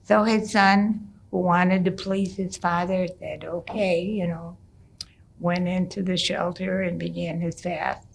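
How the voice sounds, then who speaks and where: An unhurried middle-aged woman tells a traditional tale in a relaxed, conversational way. Her voice has a gravelly, creaky edge, and she often pauses, restarts a phrase or adds a soft filler before going on. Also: lowish voice, a little hiss or hum. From United States. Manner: unhurried, with gentle hesitations and restarts. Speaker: storyteller. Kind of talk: traditional storytelling, told casually.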